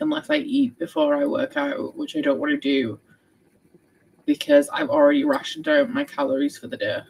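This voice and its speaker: Heard through poor audio with a faint hiss or hum, a young woman speaks in a lowish, creaky voice. As a book vlogger hosting a readathon livestream, she keeps things casual while reading out updates from viewers.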